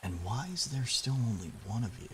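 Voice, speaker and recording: A man's voice: mid-range voice, lively intonation, brisk, a bit bright, slight background noise, lightly acted. Doctor Light, a man playing a fussy old robot scientist.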